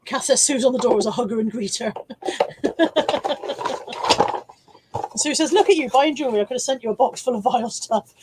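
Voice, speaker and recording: A woman's voice: on the high side, moderate pace, pauses often, heavy background noise. A woman hosting a casual live stream, showing car boot finds and reading viewer comments with chatty, self-mocking asides, hiccuping now and then.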